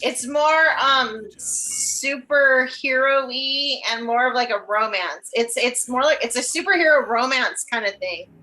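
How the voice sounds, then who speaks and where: A woman in a relaxed podcast chat, jumping in eagerly about favorite scenes. Her voice sits high and sounds bright. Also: measured pace, poor audio. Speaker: movie review podcast co-host. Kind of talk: casual chat.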